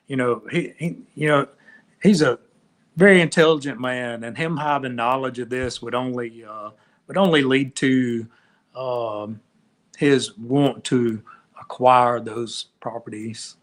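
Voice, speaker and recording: Man, mid pitch, guest expert, halting, lots of ums. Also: steady tone. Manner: halting, many fillers and restarts. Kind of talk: casual discussion.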